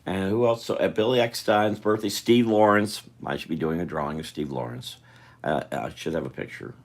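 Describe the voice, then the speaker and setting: A man's voice: low voice, fairly even intonation, a little fast. A man chatting casually and thinking aloud to his viewers as he draws live. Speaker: artist drawing live for viewers. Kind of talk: casual rambling chat while drawing.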